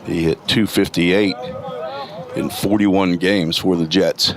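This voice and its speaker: A man with a gravelly morning voice calling college baseball play-by-play, reading stats in a steady, detailed way. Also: low voice, slow pace, a crowd in the background. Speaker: play-by-play announcer. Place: outdoor college ballpark.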